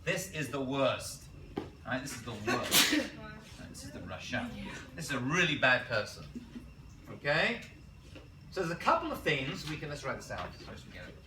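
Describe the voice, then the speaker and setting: A man teaching a college class as a rabbi, lively and quizzing his students, correcting himself as he goes. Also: mid-range voice, normal speed, pauses often, very noisy. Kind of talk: classroom lecture. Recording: roomy classroom picked up from a distance.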